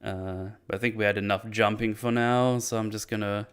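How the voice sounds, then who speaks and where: A male film reviewer speaks in a lowish, clear, resonant voice with fairly even intonation. He casually recaps a martial arts film, rambling, swearing freely and doing quick character voices.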